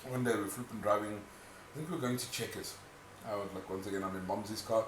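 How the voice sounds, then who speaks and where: Lively, quick-talking man in an echoey room. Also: on the low side. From South Africa. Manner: animated storyteller, acts out quotes, swears. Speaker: podcast co-host. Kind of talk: casual chat. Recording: echoey room, mic at a distance, noisy.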